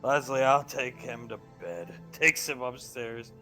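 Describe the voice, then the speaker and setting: A man narrating as game master of a tabletop role-play on a live stream, animated and laughing easily. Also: medium pitch, a little slow, soft background music.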